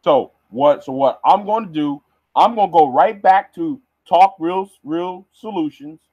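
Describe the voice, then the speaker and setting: A man's voice: a little high, measured pace, no echo, phone-quality sound. A man ranting on a livestream, heated and stammering, repeating words as he goes. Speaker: vlogger.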